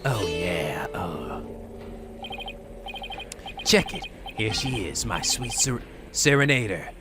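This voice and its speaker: A man voicing a laid-back hippie monk musician with a slow stoner drawl and groovy slang. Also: fairly low pitch, sing-song, loud music behind the voice, voice pushed down. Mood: mellow. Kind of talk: video game voice-over reading.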